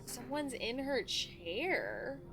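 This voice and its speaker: A woman streaming a game live, reacting in an animated, excitable way and chatting with viewers. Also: sits high, drawn-out words, music in the background.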